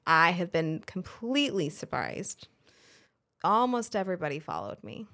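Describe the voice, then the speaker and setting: A woman's voice: fairly low pitch, big pitch swings, normal speed, fairly bright tone. A woman in her thirties, a hairstylist and salon owner, telling her story frankly in a casual podcast interview and acting out remembered conversations, with a lot of "like" fillers. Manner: frank and chatty, acts out remembered dialogue, frequent "like" fillers.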